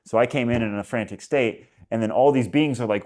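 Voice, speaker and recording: A man's voice: mid-range voice, brisk, darkish tone. A man as a podcast guest, recounting an experience in a rambling way with lots of "like"s. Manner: rambling storytelling, many "like"s and acted quotes. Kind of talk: casual conversation.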